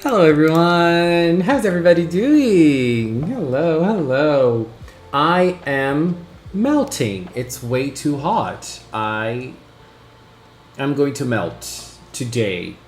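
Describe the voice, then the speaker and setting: A man hosting a casual live stream, excitably chatting and greeting his viewers one by one. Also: mid-range voice, slow pace, faint music behind. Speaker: livestream host. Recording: roomy echo.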